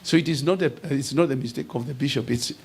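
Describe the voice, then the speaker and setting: A man preaching a sermon as a bishop. He builds to shouted declarations and often repeats and restarts his words. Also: medium pitch, fast, vocal fry, slightly rough.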